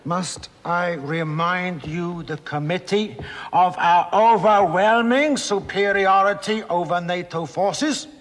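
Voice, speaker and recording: A man's voice: high voice, takes it slowly. An actor playing a hawkish male Soviet general in a war council, speaking with a German-sounding accent and barking hard stresses on his words, heard in a film clip with long reverb. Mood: scornful. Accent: German-sounding put-on accent.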